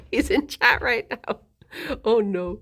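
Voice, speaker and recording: A young woman streaming, telling a story in a casual, giggly, animated way. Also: a little high. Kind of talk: casual chat.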